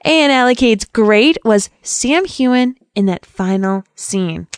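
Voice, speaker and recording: A chatty, giggly woman co-hosting a podcast, her voice sitting a little high. She reads out listener comments in a loose, conversational way. The recording is dry and close. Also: expressive, slow, clean tone, no room sound. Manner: giggly, chatty, laughs often. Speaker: podcast co-host. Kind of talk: casual chat reading listener feedback.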